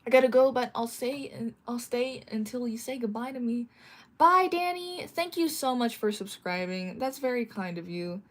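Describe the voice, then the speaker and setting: A woman with a fairly high voice streams live and chats casually with her viewers as she draws. She reads their messages aloud, laughs easily and bursts into playful mock shouting. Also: expressive, normal speed. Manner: giggly, joking, playfully bursts into mock yelling. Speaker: streamer reading chat. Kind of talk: casual livestream chat while drawing.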